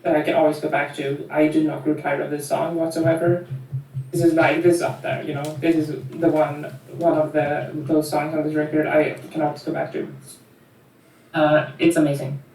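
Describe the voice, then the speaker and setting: A woman's voice: low voice, level tone, normal speed, darkish tone, reverberant, distant mic, a little hiss or hum. A woman talking casually as a guest reviewer on a music show, gushing and full of fillers. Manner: gushing, filler-heavy, repeats itself.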